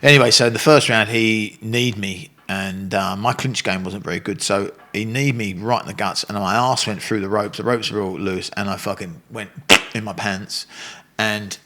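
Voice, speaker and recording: A man's voice: fairly low pitch, normal speed. An older man telling stories in a casual interview, swearing freely and acting out other people's voices. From England. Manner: animated storyteller, swears freely, acts out voices. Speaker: guest, Muay Thai fighter and coach.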